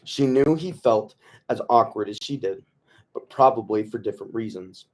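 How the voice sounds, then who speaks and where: A man with a lowish voice reads a novel aloud to his book club at an easy pace. He trips over words now and then, backs up to reread, and breaks off for wry jokes. The tone stays loose and conversational. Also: moderate pace. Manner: relaxed, stumbles and rereads, jokes aside. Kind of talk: casual read-aloud of a novel.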